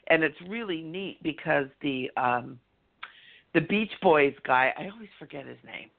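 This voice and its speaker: A man co-hosting a casual radio talk show as a medium, bubbly and excitable, full of likes and you-knows. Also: fairly high pitch, normal speed, creaky. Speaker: co-host and medium. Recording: tinny phone line.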